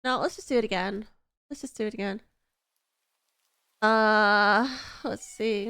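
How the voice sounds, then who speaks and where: A woman's voice: unhurried, pauses often, bright, forceful tone, smooth. A woman streamer reading a story game aloud and chatting to her viewers, gushing and emotional. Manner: emotional, gushing, high squeals when moved. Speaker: gaming streamer.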